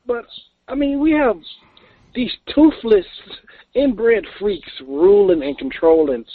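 A man's voice: high-pitched, very animated, takes it slowly. A male caller talking angrily on a phone-in, rambling with many fillers. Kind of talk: phone-in talk. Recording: tinny phone line with faint noise.

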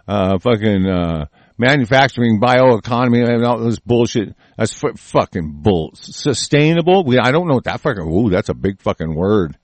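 A man's voice: mid-range voice, no room sound. A man delivering a heated, profane, rambling monologue with many restarts. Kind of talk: ranting monologue.

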